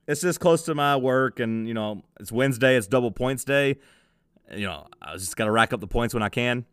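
A man's voice: medium pitch, fairly quick, fairly bright tone, clear, resonant tone, no room sound, clean studio sound. A young man co-hosting a casual podcast, telling a rambling story and laughing easily. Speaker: podcast co-host.

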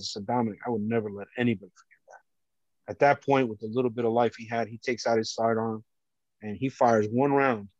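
A man, a former police officer and podcast guest, earnestly recounts a harrowing personal story, often halting and restarting. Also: medium pitch, a little mellow, no room sound. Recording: dull lo-fi dry sound.

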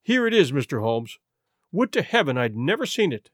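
Desperate young noblewoman, high and lively pleading voice, read by a male narrator. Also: moderate pace, no echo, studio quality. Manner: pleading, emotional. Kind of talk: audiobook reading.

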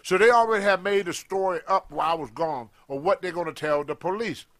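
An older man, a guest telling an animated story and acting out the people in it. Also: high voice, quick pace. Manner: animated storyteller, acts out quoted voices. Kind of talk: storytelling in a podcast interview.

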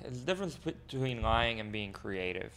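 A man co-hosting a podcast in casual chat, rambling and self-deprecating with halting restarts. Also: on the low side, animated, a bit bright. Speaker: podcast co-host.

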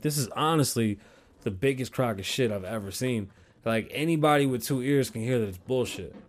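A man hosting his own show alone, talking in a casual, rambling rant full of swearing, his pitch jumping up when worked up. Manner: profane, rambling, animated swings in pitch. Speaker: podcast host.

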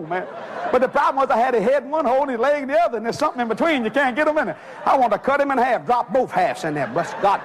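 A man preaching a sermon, telling a story with lots of energy and shouting out the voices he quotes. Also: high voice, husky. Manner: animated, shouting quoted voices, laughing along.

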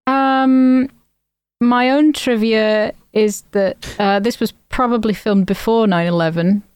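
A woman's voice: fairly high pitch, steady tone, takes it slowly, darkish tone, smooth, no room sound. A woman co-hosting a podcast, telling casual anecdotes with plenty of filler words. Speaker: podcast co-host. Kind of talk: casual chat.

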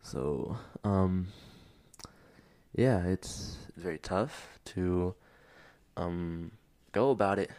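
A man hosts a personal podcast, talking candidly and emotionally about his struggles while close to tears. His low, slightly mellow voice moves extremely slowly with frequent pauses, and he rambles with many fillers.

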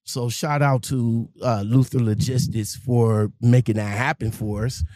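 An informal man leads the interview in a gentle, filler-heavy way. His voice sits in a middle range, and the sound is dry and close. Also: medium pitch, steady tone, unhurried, dry recording. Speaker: interview host. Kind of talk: casual interview.

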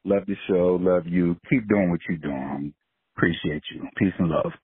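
A man's voice: sits low, normal speed, slightly rough, dry recording. A man from New Jersey leaving a friendly, laid-back voicemail, swearing casually. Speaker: caller. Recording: dry tinny phone line.

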